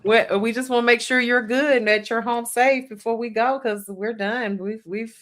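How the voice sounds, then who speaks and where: A woman's voice: on the high side, fairly even intonation, normal speed, fairly bright tone. A woman co-hosting a casual podcast panel, reading viewer messages aloud in a loose, chatty way that often trails off mid-sentence. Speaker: podcast co-host.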